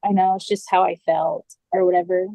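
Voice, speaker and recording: A woman sits as a podcast guest and tells a personal story in a loose, conversational way. Her voice sits low for a woman and sounds dry and close, with no room around it. She leans on "like" and quotes each person's words as she goes. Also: little pitch movement, a little fast, dark tone, no room sound, low-quality recording. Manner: casual, full of "like" and quoted dialogue.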